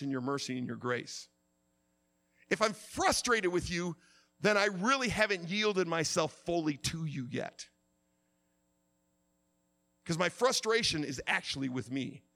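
A middle-aged male pastor preaching a sermon, swinging from quiet confession to impassioned shouting. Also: high-pitched, sing-song, measured pace, long pauses.

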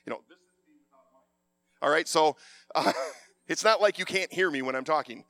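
Male preacher, sermon, animated and passionate, loud voice, bright tone, fairly high pitch. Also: moderate pace, no room sound.

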